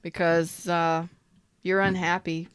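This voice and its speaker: A woman's voice: lowish voice, little pitch movement, slow, clear, resonant tone. A woman doing a casual tarot reading, talking straight to her viewers with emphatic repetition. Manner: emphatic, repeats herself, talks straight to viewers. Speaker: tarot reader.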